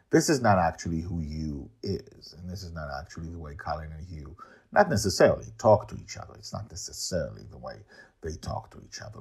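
A man's voice: low voice, creaky, darkish tone, husky. A man reading his serialized story aloud, breaking off for chatty asides full of uhs. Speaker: storyteller and podcast host.

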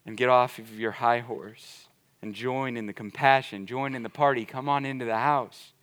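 A man voicing a gentle older father who pleads softly with his son in a low, hushed voice. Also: fairly even intonation, moderate pace, smooth, close to an everyday voice. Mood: pleading softly.

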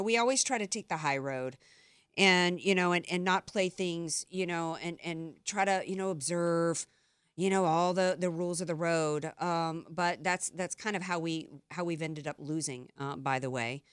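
A woman's voice: on the low side, no echo. Woman, talk radio host, rambling, chatty, studio mic, dry sound. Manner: chatty, rambling, many restarts. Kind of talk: political talk radio monologue. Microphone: studio microphone.

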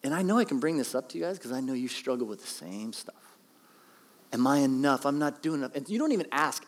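A man's voice: a little high, animated, fairly quick, darkish tone, long reverb tail. A man in his thirties, a pastor, preaching a conversational, self-deprecating sermon and acting out quotes.

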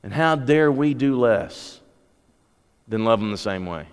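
A man's voice: medium pitch, lively intonation, measured pace, clean tone. A man preaching a sermon, conversational at times and rising to impassioned exhortation. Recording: long hall reverb.

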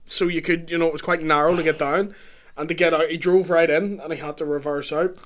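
A man's voice: fairly high pitch, little pitch movement, brisk. A young adult man with a Northern Irish accent, co-hosting a podcast in casual chat, blunt and free with swearing. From Northern Ireland. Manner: blunt, swears freely, trails off quietly at times. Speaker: podcast co-host.

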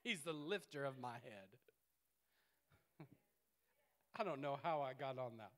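A man preaching a sermon in a playful, animated way, swinging between loud bursts and hushed asides. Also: medium pitch, unhurried.

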